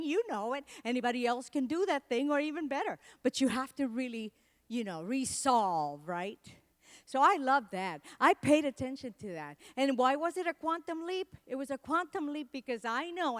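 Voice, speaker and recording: A woman's voice: sits high, no echo, clean studio sound. A middle-aged woman from Puerto Rico, a native Spanish speaker with a Puerto Rican accent, giving a comedic motivational keynote with playful, self-mocking storytelling. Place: event hall.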